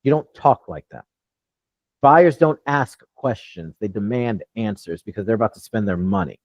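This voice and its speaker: A man's voice: on the low side, lively intonation, normal speed, dry recording. Blunt, swaggering man coaching live. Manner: blunt and profane, brash confidence. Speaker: real estate wholesaling coach. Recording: dull lo-fi dry sound.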